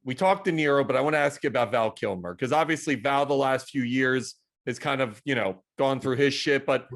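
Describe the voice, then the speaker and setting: A man's voice: mid-range voice, brisk, fairly bright tone. A male host with a middling voice asks his guest questions. He is eager and casual, dropping profanity freely. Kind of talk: casual interview chat.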